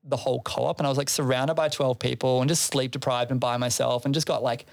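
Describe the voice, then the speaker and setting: A man's voice: medium pitch, fairly even intonation, quick pace, vocal fry. A man who organizes a festival, telling a long story in casual chat, swearing freely and laughing between phrases.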